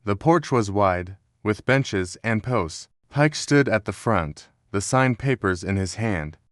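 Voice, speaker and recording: Male narrator, low voice, measured, dry close sound. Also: no room sound. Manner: steady, measured storytelling with quoted dialogue read in the same voice. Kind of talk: scripted narration of a historical story.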